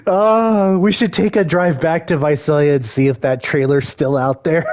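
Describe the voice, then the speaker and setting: A man's voice: fairly high pitch, huge pitch swings, measured pace. A man chatting casually while playing a video game, joking, rambling and laughing a lot. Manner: easygoing, rambling. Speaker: gamer. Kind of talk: casual gameplay chat.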